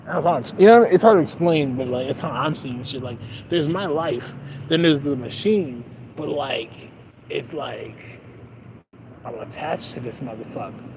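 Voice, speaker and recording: A man's voice: fairly high pitch, measured pace. A young man streaming, talking in a loose, profane, rambling way with lots of fillers, outdoors by a street with traffic. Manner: rambling and profane, often laughing, many fillers. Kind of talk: casual rambling monologue.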